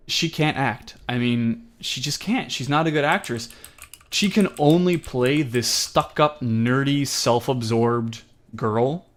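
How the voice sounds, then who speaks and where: A young man co-hosts a casual movie review podcast, speaking slowly in a mid-range voice. He rambles and laughs as he talks, breaking into animated impressions.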